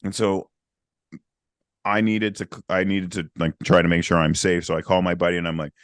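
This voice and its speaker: A man co-hosting a podcast, telling a story in a casual, animated way and acting out the people in it. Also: deep voice, fairly quick, clear, resonant tone, no echo, clean studio sound. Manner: animated, acts out the people in his stories. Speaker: podcast co-host.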